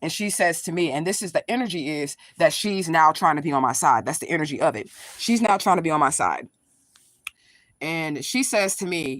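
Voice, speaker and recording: Rapid-fire, profane spiritual vlogger. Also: mid-range voice, lively intonation, fairly bright tone, dry recording, clean studio sound. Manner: blunt, profane, emphatic retelling; talks straight to viewers, reacts to live comments. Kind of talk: casual livestream storytelling.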